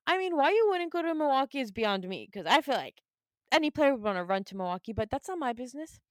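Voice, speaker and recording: An animated young woman talks sports in a casual chat, laughing and acting out her reactions. Her voice sits fairly high and comes through smooth and clear. The sound is dry and close. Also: fast, no room sound. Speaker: podcast co-host, basketball fan.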